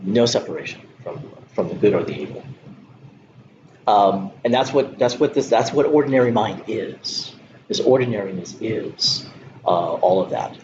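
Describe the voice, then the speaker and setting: A man giving a Zen dharma talk, speaking in a halting way with many pauses and soft laughs. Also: lowish voice. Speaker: Zen teacher. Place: meditation hall. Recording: dull lo-fi recording with background noise.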